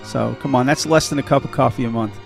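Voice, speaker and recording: Gravelly laid-back male co-host. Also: medium pitch, quick pace, over music. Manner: laid-back, self-deprecating. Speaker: podcast co-host. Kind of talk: casual podcast chat. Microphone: video call.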